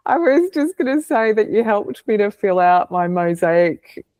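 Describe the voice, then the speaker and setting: A woman hosting an interview, speaking in a thoughtful, appreciative way with pauses mid-sentence. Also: medium pitch, sing-song, a little mellow, no room sound. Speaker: podcast host. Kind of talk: reflective interview conversation.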